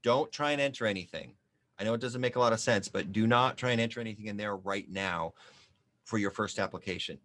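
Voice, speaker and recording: A man with a lowish voice walks viewers through an online form in a screen-share tutorial. He talks in a loose, chatty way, cracks small jokes and thinks aloud as he fills in each field. Keyboard typing and mouse clicks sit behind his voice. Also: brisk, a bit bright. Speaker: small business advisor demonstrating an application.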